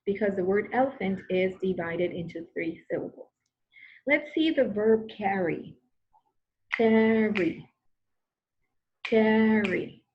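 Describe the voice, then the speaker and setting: A woman's voice: medium pitch, highs cut off. A woman teacher giving a recorded grammar lesson, patient and repetitive, often checking in with "okay?".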